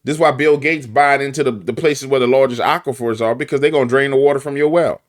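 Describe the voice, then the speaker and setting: Speaking with a New Orleans accent, a man delivers animated, preachy commentary about conspiracies, heavy on slang and repetition. His pitch is medium and he talks fast.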